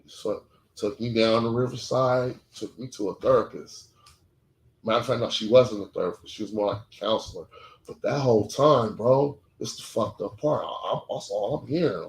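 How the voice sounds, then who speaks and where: Male podcast co-host, low register, candid and profane, clipped emotional storytelling, roomy echo. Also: normal speed. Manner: blunt, profane and emotional, short clipped sentences. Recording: echoey room.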